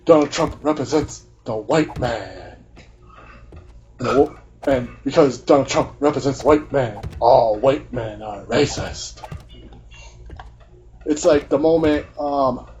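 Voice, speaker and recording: A man's voice: medium pitch, slow pace, pauses often, darkish tone, highs cut off, a little hiss or hum. A man hosting a gaming video, ranting in a heated, profane and repetitive way. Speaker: gaming channel host. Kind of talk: heated rant during gameplay commentary.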